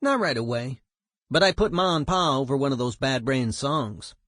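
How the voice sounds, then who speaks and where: A man's voice: medium pitch, expressive, normal speed, a bit bright, no echo, clean studio sound. Guy reading as a foul-mouthed punk musician, fired up, swearing constantly, medium voice. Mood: animated. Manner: profane, emphatic storytelling. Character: streetwise male punk musician telling war stories.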